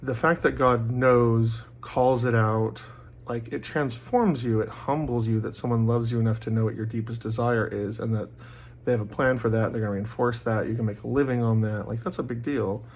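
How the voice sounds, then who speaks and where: A man in a casual monologue, rambling with many fillers and loudly acting out quoted voices. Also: mid-range voice, steady tone, moderate pace, slight background noise. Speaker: vlogger.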